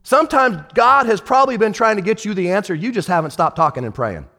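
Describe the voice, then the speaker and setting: Male pastor, high voice, very lively, long reverb, shouts then hushes. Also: fast. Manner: animated, shifts from shouting to hushed. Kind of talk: sermon.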